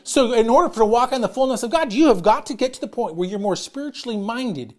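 Loud, emphatic middle-aged male pastor. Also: extremely high pitch, animated, fast. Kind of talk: sermon.

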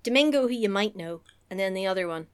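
A woman's voice: mid-range voice, lively intonation, fast talker, clear, resonant tone. A woman from England chatting casually as a podcast co-host, rambling and giggly as she recaps a story. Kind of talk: casual chat.

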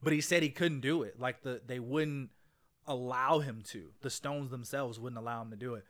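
A man's voice: medium pitch, normal speed, fairly bright tone. A man in casual chat with a laid-back manner, reacting briefly and passing the turn to a friend.

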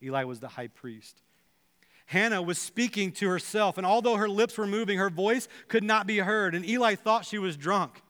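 A pastor with a high, bright, clear and smooth voice preaches a sermon in a church sanctuary, earnestly acting out the prayers and dialogue he quotes. He's animated but keeps a moderate pace, and a long reverb from the large hall fills the sound.

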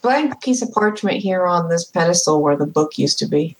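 A woman's voice: on the low side, expressive, moderate pace, poor audio. A woman player in a tabletop game, speaking in character in a bossy, teasing way. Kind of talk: in-character role-play.

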